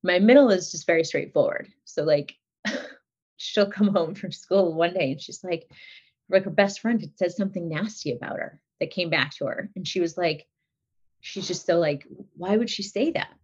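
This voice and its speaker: A woman's voice: fairly low pitch, normal speed, darkish tone, husky. A middle-aged woman in casual podcast chat, talking about her kids with many fillers and frequent laughs. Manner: chatty, laughs often, lots of fillers. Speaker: guest. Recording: dull lo-fi audio.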